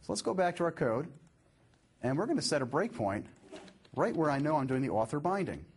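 A man presenting a live software demo, upbeat and explaining step by step as he clicks through his code. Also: fairly high pitch, big pitch swings, brisk, husky.

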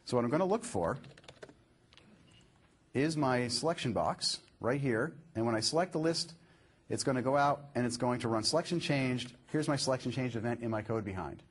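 A man presenting a live software demo, upbeat and explaining step by step as he clicks through his code. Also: medium pitch, expressive, normal speed, husky.

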